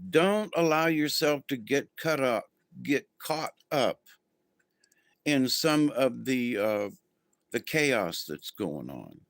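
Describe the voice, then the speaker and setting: A man's voice: medium pitch, sing-song, slow pace, fairly bright tone, dry recording, clean studio sound. A man hosting a casual spiritual livestream, talking to viewers in a rambling, easygoing way with many ums and restarts. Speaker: spiritual channel host.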